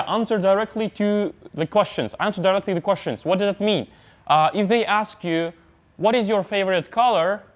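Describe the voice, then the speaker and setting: Young uzbek-accented guy teaching a class, fairly high voice, loose and chatty with lots of "you know"s. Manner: relaxed, chatty, many fillers and asides. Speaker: English teacher. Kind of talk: classroom lecture on exam speaking.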